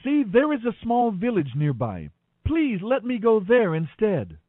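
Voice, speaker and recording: A man's voice: high voice, huge pitch swings, unhurried, no room sound, narrow, tinny audio, pitched above the performer's own voice, exaggerated voice. A man reading scripture, voicing a desperate old man who begs and pleads urgently. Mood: pleading. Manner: begging, urgent.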